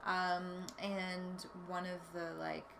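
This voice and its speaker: Young woman musician guest, chill and dry, lowish voice, noisy hiss behind. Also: little pitch movement, slow, creaky. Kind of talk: casual chat. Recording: noticeable background noise.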